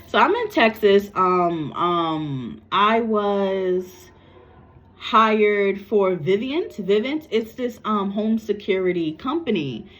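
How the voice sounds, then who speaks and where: A woman's voice: medium pitch, lively intonation, takes it slowly, fairly bright tone. Woman psychic medium talking to camera, blunt, repeats herself, swears a lot, kinda dull lo-fi sound. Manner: blunt and repetitive, curses freely. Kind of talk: casual spoken reading to camera. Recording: dull lo-fi recording.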